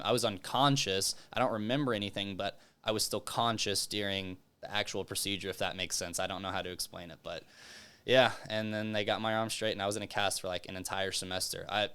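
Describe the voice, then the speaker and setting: Quick-talking young man telling a story. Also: sits low, smooth. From Texas. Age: young adult. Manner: animated, acts out quoted voices. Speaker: guest author. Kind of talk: casual storytelling.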